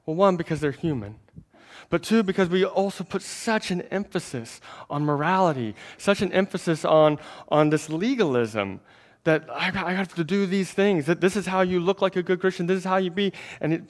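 Preaching in a conversational style, the pastor speaks straight to his congregation in a high voice at a moderate pace. His delivery repeats words and alternates between forceful and quiet lines.

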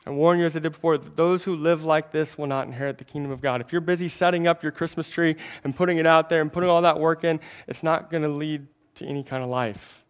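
A man preaching a sermon in a conversational way, talking straight to the congregation, repeating words and swinging between emphatic and hushed lines. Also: fairly high pitch, fairly even intonation, fast, hardly any pauses, clear, resonant tone. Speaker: pastor.

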